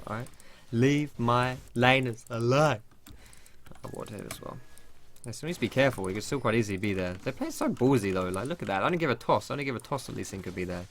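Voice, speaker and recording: Fast-talking young man. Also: on the low side, slight background noise. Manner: chatty, rambling, swears when surprised. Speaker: gameplay commentator. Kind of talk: casual gameplay tutorial commentary.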